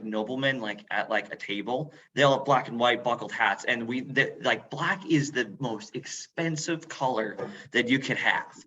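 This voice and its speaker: A man's voice: mid-range voice, bright, forceful tone. A man on a video call, chatting loosely as a museum role-player and answering questions, with many fillers and restarts. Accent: northern English put on. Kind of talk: casual Q&A talk on a video call. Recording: dull lo-fi video call audio.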